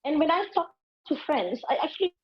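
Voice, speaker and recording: A woman's voice: high-pitched, very animated, a little fast, lo-fi sound. A woman, giving a motivational speech and telling stories expressively, acting out her own inner voice. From Malaysia. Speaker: invited speaker, public speaking teacher.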